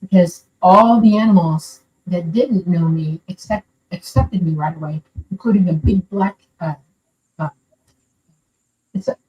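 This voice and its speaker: A little slow and lowish in pitch, with lo-fi sound, an older Florida woman calls in to share a personal story. She tells it casually and earnestly, rambling as she goes, captured on a distant mic with faint background noise.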